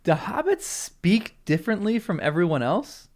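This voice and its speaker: A high-pitched, very animated American man reads a fantasy novel on his channel at a moderate pace. He often laughs and wanders into spoken musings, turning the reading into a chatty read-along with casual commentary.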